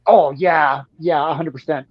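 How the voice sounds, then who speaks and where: A laid-back man chimes in on the panel in a slangy, easygoing way. His voice sits a bit high. The audio is dull and lo-fi. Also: fairly even intonation, moderate pace. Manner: laid-back, slangy, says "like" and "dude" a lot. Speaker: panel guest. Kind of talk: casual chat.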